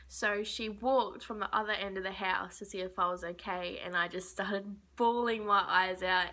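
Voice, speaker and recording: A woman's voice: mid-range voice, pushed and bright. A young woman vlogger telling a personal story while crying, her voice breaking into whispers. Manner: tearful, emotional, voice breaking into whispers.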